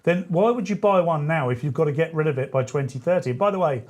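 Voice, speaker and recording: A man's voice: a little high, expressive, quick pace, a little mellow, highs cut off. A man hosting a talk radio show, chatty and rambling, often correcting himself mid-sentence. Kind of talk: casual talk radio chat.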